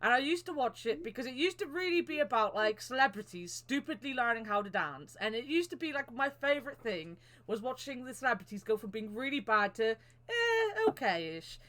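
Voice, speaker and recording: A young woman with a bright, clear voice that sits a little high, chatting loosely on a podcast. She swears freely and talks openly about getting emotional. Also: lively intonation. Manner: swears a lot, emotional and quick to cry. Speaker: podcast co-host. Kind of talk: casual chat.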